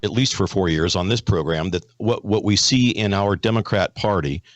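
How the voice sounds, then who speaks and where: Folksy low-voiced American talk show host. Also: male voice, moderate pace, dry recording, dull audio. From United States. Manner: folksy, repeats words, many restarts. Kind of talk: conservative talk show hosting and ad reads.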